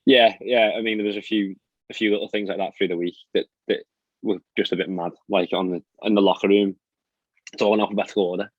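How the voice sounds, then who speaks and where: Chatty and quick, a young pro golfer with a lowish, steady voice shares stories on a laid-back podcast, sprinkling in plenty of fillers and laughter. There's no room sound, and the audio is dry, dull and lo-fi.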